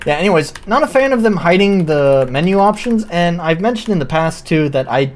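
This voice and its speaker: A man's voice: sits high, lively intonation, brisk, a little hiss or hum. A man streaming indie games live, giving casual, blunt commentary and swearing freely while he plays. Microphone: headset or desk mic, wears headphones.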